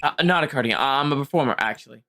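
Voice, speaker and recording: A woman's voice: a bass voice, expressive, fast talker, sharp tone, a little hiss or hum, voice pushed down, full character voice. A woman voicing a timid, stammering young male ventriloquist. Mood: nervous. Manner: nervous stutter, trailing off.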